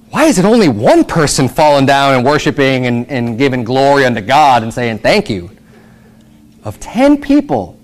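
A man preaching a sermon as pastor, reading scripture aloud and explaining it in casual asides, pushing up to emphatic peaks with rhetorical questions. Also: fairly high pitch.

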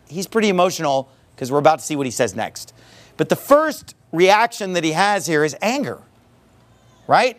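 A man's voice: fairly high pitch, a bit bright. A man preaching a sermon, emphatic and leaning on rhetorical questions.

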